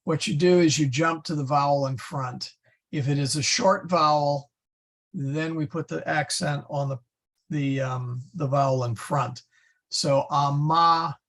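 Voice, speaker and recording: A man teaching a Latin class, slowly going through verb forms and correcting his own slips. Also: fairly high pitch, fairly even intonation. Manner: slow, patient, stumbles and self-corrects; spells out Latin forms one by one. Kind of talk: classroom lesson.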